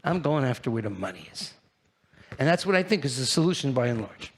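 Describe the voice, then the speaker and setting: A man giving a live conference presentation, brash and animated, jumping to high, loud bursts and firing questions at the audience. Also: fairly quick. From New York. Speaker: keynote speaker at a trade fair.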